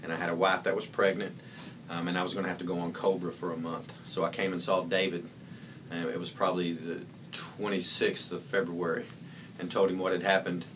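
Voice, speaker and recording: A man's voice: sits low, little pitch movement, fairly quick, recorded from a distance, background noise. A man sincerely telling a short story of gratitude, with frequent fillers. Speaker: coworker giving a tribute. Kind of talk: casual anecdote.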